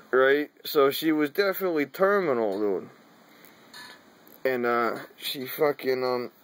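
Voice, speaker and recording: A man telling a personal story in casual, profane talk, drawling and saying "dude" often, laughing now and then. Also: medium pitch. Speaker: vlogger.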